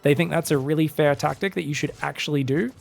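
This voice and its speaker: A man calls a live esports match in quick, chatty play-by-play, breaking into jokes. His voice sits fairly high with a gravelly fry, and faint music plays behind him. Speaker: esports caster. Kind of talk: live game commentary.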